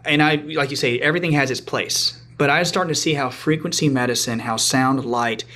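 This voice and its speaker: A man's voice: mid-range voice, fairly quick. Chatty man telling a story. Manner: animated, chatty, many restarts and asides. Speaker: podcast guest, frequency medicine practitioner. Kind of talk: casual storytelling.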